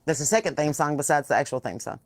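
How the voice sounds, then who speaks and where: Low-voiced and fast, with no room sound, this woman hosts a podcast and is holding a casual live chat from her porch outside. Hailing from the Southern US, she tells animated stories, swearing plenty with salty language.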